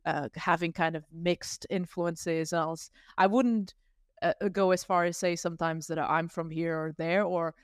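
A woman's voice: on the low side, steady tone, a little slow, no echo, clean studio sound. A woman talking as a guest on a podcast, chatty and rambling, laughing easily. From not Canadian, living abroad. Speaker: guest artist. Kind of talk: casual podcast conversation.

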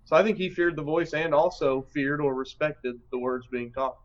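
A man's voice: on the high side, moderate pace. A man on a Bible study panel answering thoughtfully and often restarting his phrases. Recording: slightly dull, lo-fi audio.

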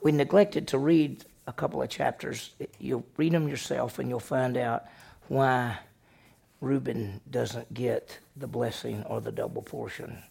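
A man pastor preaching a sermon, questioning the congregation and acting out the story with lively voices. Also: mid-range voice, a little slow, vocal fry, breathy edge.

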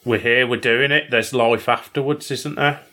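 A young man co-hosts a casual podcast. He talks in a loose, bantering way, tossing in tag questions as he teases his co-host. His voice sits at an ordinary middle pitch. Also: fairly even intonation, normal speed, sharp tone. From Britain. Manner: teasing, chatty, asks tag questions.

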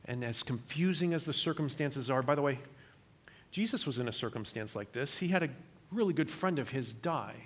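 Preaching earnestly, a male pastor repeats words as he builds each point and drops to a hushed voice on the tender lines. His mid-range voice is animated and moves fairly quickly.

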